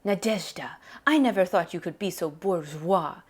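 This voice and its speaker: A woman's voice: fairly low pitch, normal speed, lightly acted. Woman doing a stubborn old father. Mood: snappish. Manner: broken English, insistent, snappish. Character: excitable stubborn 84-year-old Ukrainian father.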